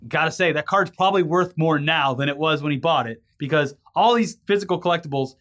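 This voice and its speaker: A man's voice: a little high, a little fast, a bit bright. A man co-hosting a casual news chat, rambling and laughing easily as he reads out stories. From California. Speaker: podcast co-host.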